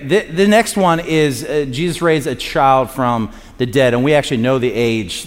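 A man preaching in a loose, conversational way, cracking jokes and acting out quotes between points. His voice rings out with a long reverb from a large hall. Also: mid-range voice. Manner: conversational and joking, acts out quotes. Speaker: pastor. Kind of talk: sermon.

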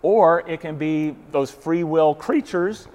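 Man, co-host of a faith talk, higher-pitched, earnest, stumbles into sentences with repeated words. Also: slow pace, a little mellow. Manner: earnest, often repeats words as he starts a thought. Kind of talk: casual faith discussion.

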